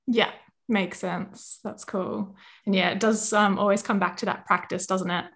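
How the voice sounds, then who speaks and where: A woman's voice: medium pitch, steady tone, moderate pace, fairly bright tone. Encouraging woman podcast host. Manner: encouraging, short affirmations. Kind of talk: casual interview chat.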